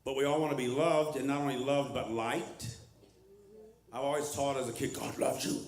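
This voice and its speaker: A man's voice: medium pitch, level tone, normal speed, roomy sound. An older male pastor preaching a conversational sermon, mixing humor with teaching and calling out to the congregation. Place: church hall with a live congregation.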